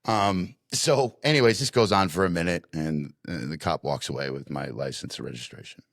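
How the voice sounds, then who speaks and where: Man, deep, animated storyteller, dry studio sound. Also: moderate pace, creaky, no room sound. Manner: animated storyteller, acts out voices, many restarts. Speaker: podcast co-host. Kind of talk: casual storytelling.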